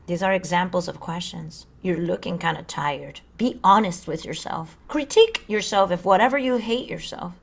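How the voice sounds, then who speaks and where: A woman's voice: lowish voice, normal speed, creaky, few pauses. Earnest woman podcast host, dramatic delivery. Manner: earnest, dramatic, sometimes acts out voices. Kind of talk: casual spiritual podcast chat.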